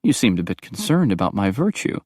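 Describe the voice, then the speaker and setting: A man's voice: fairly low pitch, very animated, brisk, a little mellow, no echo, studio quality. A man voicing a bold young werewolf princess with a teasing way of speaking.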